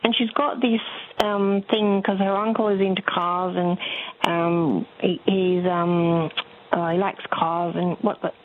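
A woman's voice: lowish voice, steady tone, a little slow, slight background noise. Seventies female caller, chatty laughing storyteller, phone-line sound. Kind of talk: phone-in chat. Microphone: telephone.

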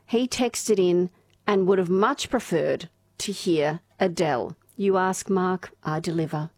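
A woman's voice: lowish voice, takes it slowly, darkish tone. A woman with an Australian accent hosting a morning radio show, chatting casually, laughing easily and reading out listener texts. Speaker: radio host. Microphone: studio microphone.

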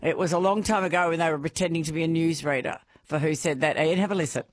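A woman's voice: deep voice, quick pace, noisy background. A woman hosting a radio quiz, chatting casually and laughing often with callers.

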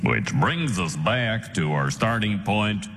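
An actor voicing a pompous, rambling middle-aged male cartoon minister with a deep voice, played as a TV clip. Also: big pitch swings, slow, husky, exaggerated voice. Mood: droning sermon. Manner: rambling, loses his place in the sermon. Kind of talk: cartoon sermon. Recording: TV clip with loud music.

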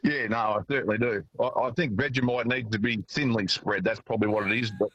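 An Australian man phoning in to a radio show from his car while driving, talking in a friendly, halting way full of fillers. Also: on the low side, steady tone, fairly bright tone, slightly rough, no room sound, highs cut off. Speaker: caller. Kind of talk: phone-in chat.

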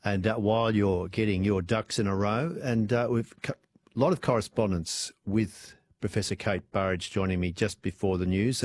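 An Australian man hosting live talkback radio, chatty and rambling, with many fillers and restarts, speaking into a studio microphone. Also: lowish voice. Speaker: radio host.

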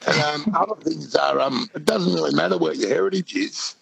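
A man's voice: fairly high pitch, a little fast, vocal fry, fairly bright tone, poor audio. An Australian man calling in to a radio talkback show, chatty and colloquial. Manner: chatty, colloquial, says mate often. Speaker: caller.

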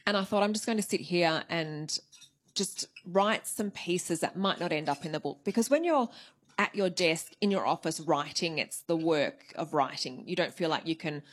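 A woman's voice: fairly low pitch, moderate pace. A woman novelist being interviewed, talking through her writing process in a thoughtful, conversational way. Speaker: novelist guest. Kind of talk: interview answers.

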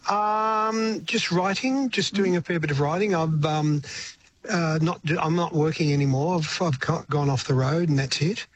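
An older man with an Australian accent, a singer talking casually as a guest in a radio interview, relaxed and chuckling, with hesitant restarts. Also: a little high, normal speed, a little hiss or hum.

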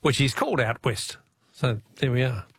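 A man's voice: mid-range voice, expressive, moderate pace, fairly bright tone, breathy edge. An Australian man hosting a radio phone-in quiz, chatty and upbeat with the callers.

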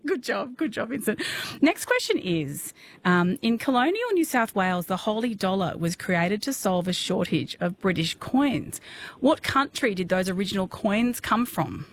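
A woman's voice: medium pitch, big pitch swings, normal speed, a little hiss or hum. An Australian woman hosting a call-in radio quiz, chatty and laughing often. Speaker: radio host.

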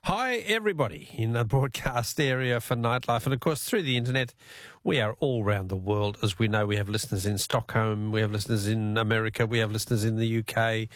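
A man's voice: fairly low pitch, a little fast, no echo, clean studio sound. A man hosting a late-night radio show, chatty and rambling with frequent fillers. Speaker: radio host. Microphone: studio microphone.

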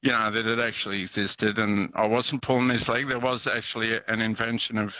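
A man's voice: fairly low pitch, flat delivery, a little fast, pushed and bright, no room sound, low-quality recording. A man calling in to a radio show, telling a story in a chatty, hesitant way with laughs. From Australia. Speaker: radio caller.

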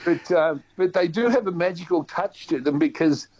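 A man's voice: sits high, moderate pace. Chatty Australian man, lo-fi sound. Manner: chatty and animated, with many restarts. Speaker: guest. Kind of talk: casual radio chat. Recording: dull lo-fi sound.

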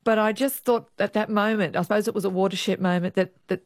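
Ex-cop woman, lively storyteller, dry close sound, interview guest. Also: mid-range voice, a little fast, no room sound. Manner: lively storyteller, acts out quoted voices. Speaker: retired police officer, guest.

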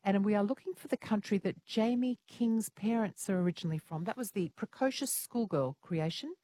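A woman's voice: medium pitch, a little fast, dark tone. An Australian woman hosting a talkback radio quiz, playful, teasing and chatty with callers.

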